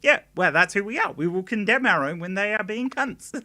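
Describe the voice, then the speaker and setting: A man's voice: sits high, animated, moderate pace, bright, forceful tone. A man hosting a casual panel chat, rambling with many restarts and fillers. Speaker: host.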